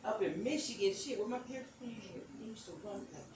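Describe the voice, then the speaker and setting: A man hosting a podcast, telling a rambling, animated story in speech, swearing casually and acting out the quotes. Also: sits high, brisk, recorded from a distance. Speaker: podcast host. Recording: echoey room, off-mic, background noise.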